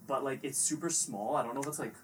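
A man, the podcast producer, chiming in quietly and hesitantly from off-mic. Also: mid-range voice, fast, husky. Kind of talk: casual chat.

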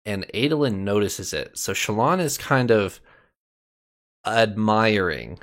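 A man with a very deep voice walks his co-hosts through scenes from a book. He explains point by point in a casual, conversational way. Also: expressive, takes it slowly, a bit bright. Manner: explanatory, recaps plot in detail. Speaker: podcast co-host.

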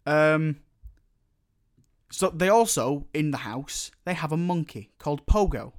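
A man in casual chat, opinionated and animated as he rants. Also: on the high side, measured pace.

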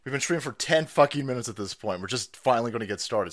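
A man's voice: medium pitch, expressive, fast talker, a bit bright. Foul-mouthed ranting male streamer. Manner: foul-mouthed, exasperated, swings between mutters and outbursts. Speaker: political streamer. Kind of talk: profane live-stream rant.

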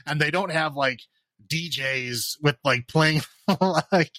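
A man co-hosts a casual podcast with a bright, slightly high voice. He talks about a film in an animated, sarcastic way, with plenty of fillers and laughs. The recording is close and dry. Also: takes it slowly, no room sound. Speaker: podcast co-host. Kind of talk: casual horror movie chat.

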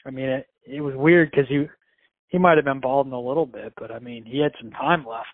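A man's voice: mid-range voice, fairly even intonation, a little fast, no echo. A man co-hosting a podcast in casual chat, rambling and leaning on "I mean". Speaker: podcast co-host. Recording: dry, tinny phone-like sound.

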